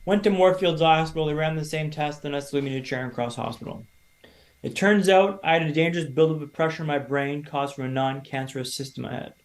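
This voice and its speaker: A man in his thirties from Canada, a podcast guest telling his own story in a lively, casual way and acting out other people's lines. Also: a little high, fast talker. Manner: animated storyteller, acts out quoted voices.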